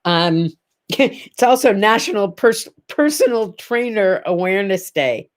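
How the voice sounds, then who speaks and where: A woman's voice: mid-range voice, lively intonation, measured pace. A middle-aged woman hosting a casual morning chat show, talking straight to the camera in a gushing, rambling way full of asides. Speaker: host.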